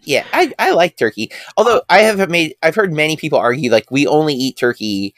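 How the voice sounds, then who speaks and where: A man's voice: a little high, sing-song, fairly quick, fairly bright tone, no room sound, studio quality. A man co-hosting a podcast, chatting casually and rambling with restarts. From United States. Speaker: podcast co-host.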